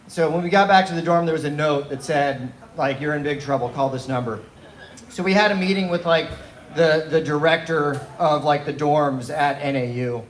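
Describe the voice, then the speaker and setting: Young male stand-up, fairly high voice, loose and animated storyteller, echoey live room. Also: normal speed. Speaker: stand-up comedian. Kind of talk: open mic stand-up set. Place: small bar and coffee venue.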